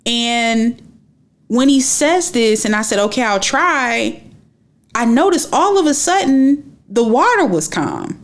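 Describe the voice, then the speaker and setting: A young woman retelling a personal story in a casual, animated way, stressing and repeating her phrases. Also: fairly high pitch, measured pace.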